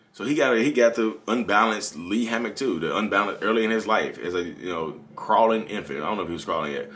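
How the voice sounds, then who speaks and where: A man's voice: fairly low pitch, animated, fast talker, hardly any pauses, fairly bright tone. A man, hosting a candid, rambling confessional monologue and often correcting himself. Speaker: channel host.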